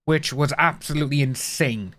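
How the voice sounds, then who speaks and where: A man's voice: on the high side, moderate pace, a bit bright. A man chatting casually to his livestream viewers, blunt and ranting, swearing freely. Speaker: livestream host.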